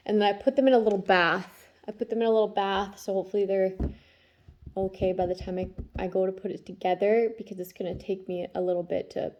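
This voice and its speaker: With a medium-pitched, darkish voice, fairly even intonation, and a quick pace, a woman in her thirties who reads tarot chats about her day and her kids in a casual spiritual vlog. She keeps checking in with "okay?", and the audio sounds dull.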